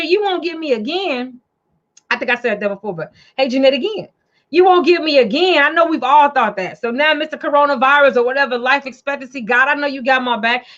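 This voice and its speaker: A woman from Chicago hosting a casual livestream show, talking in an animated, chatty way and repeating her phrases. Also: high voice, muffled recording. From Chicago, USA. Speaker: show host and financial coach.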